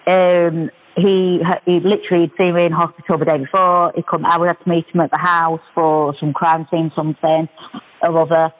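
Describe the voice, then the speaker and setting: A British woman telling a personal story as a radio guest, chatty and animated, with many restarts. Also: sits low, moderate pace. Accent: British English. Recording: muffled radio broadcast.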